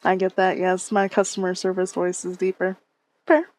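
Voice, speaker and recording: A woman's voice: on the low side, little pitch movement, moderate pace, a little mellow. A woman streamer chatting casually with her viewers on a headset mic, reading and answering chat and laughing often.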